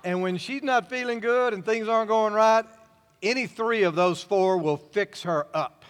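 A man's voice: high-pitched, normal speed, clean tone. An older man preaching a sermon in a folksy, storytelling way. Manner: folksy, warm-hearted storytelling with chuckles. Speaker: pastor. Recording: hall reverb.

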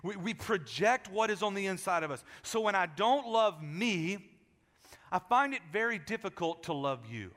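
Bright, high-voiced pastor in an echoey hall. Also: male voice, moderate pace. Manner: animated, joking with the congregation and acting out quotes; often repeats words as he restarts. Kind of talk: sermon. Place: large church.

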